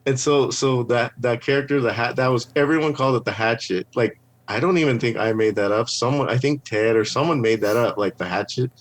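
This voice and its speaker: 熱っぽく語る男性ゲスト. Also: male voice, mid-range voice, brisk, hardly any pauses. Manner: rambling, animated, heavy use of "like". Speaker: podcast guest, scare actor. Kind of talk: casual storytelling.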